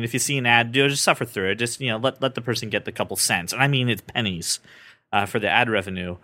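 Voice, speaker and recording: A man hosts a casual podcast with a very lively, swooping pitch. He jokes around and keeps cutting himself off mid-sentence. His delivery is loose and animated. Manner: joking, animated, self-interrupting. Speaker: podcast host.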